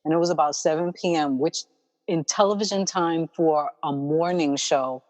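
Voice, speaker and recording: A woman with a New York accent speaks in a low voice, with a long reverb hanging on her words. She tells her story warmly and chattily as a podcast guest. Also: normal speed. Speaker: guest, makeup artist. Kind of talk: casual storytelling interview.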